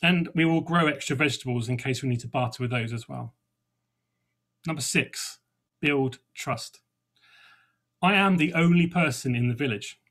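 Middle-aged man, husky, mid-pitched, chatty podcast host with dry wit. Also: normal speed, long pauses, fairly bright tone. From England. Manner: conversational, with small restarts and dry humour. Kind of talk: reflective first-person talk.

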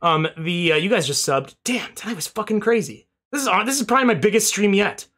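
A man's voice: high voice, expressive, fast talker, bright, forceful tone. A young man streaming, rambling casually through thank-yous to his chat and swearing now and then, a little out of breath.

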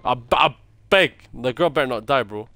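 A young man talks through a horror game in a middle-pitched voice. He swears, mutters prayers under his breath and reacts nervously to every noise. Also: expressive, brisk, pushed and bright, no room sound. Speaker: gaming streamer.

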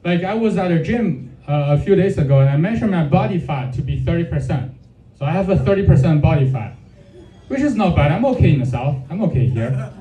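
A male comedian works through a crude stand-up set on a club stage and keeps teasing the crowd. His voice is raised but dark. It sounds roomy, as if the mic sits back from him. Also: on the high side, animated, fairly quick, highs cut off. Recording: echoey room, mic off at a distance.

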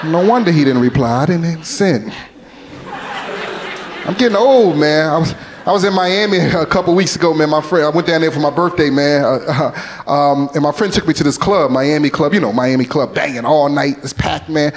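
High-voiced comedian in his forties. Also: normal speed. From North Philadelphia, USA. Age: 40s. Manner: loose, animated storytelling, peppered with "man". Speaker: stand-up comedian. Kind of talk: stand-up comedy set. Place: comedy club stage.

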